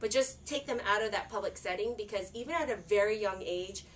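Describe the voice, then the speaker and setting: A woman's voice: medium pitch, a little fast, far from the mic, slight background noise. A woman in her thirties talking casually to camera about parenting, chatty and earnest with many filler words. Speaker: parenting vlogger.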